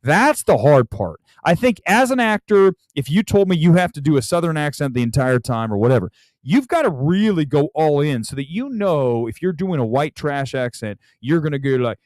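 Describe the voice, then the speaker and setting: A man's voice: a little high, animated, brisk, a little mellow, dry recording. A man hosting a movie talk live stream, chatting casually and rambling with frequent restarts. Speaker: movie talk show host.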